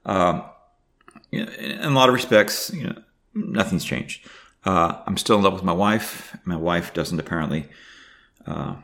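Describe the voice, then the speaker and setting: Older guy, low voice, stumbling and emotional, talking to camera in a video diary. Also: creaky, fairly bright tone. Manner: halting, emotional, many fillers and restarts. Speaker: vlogger.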